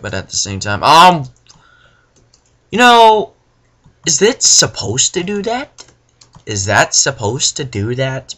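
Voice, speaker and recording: Profane young man ranting over a game. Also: mid-range voice. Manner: profane, frustrated ranting, bursts into yelling. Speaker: gamer. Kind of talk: let's play commentary.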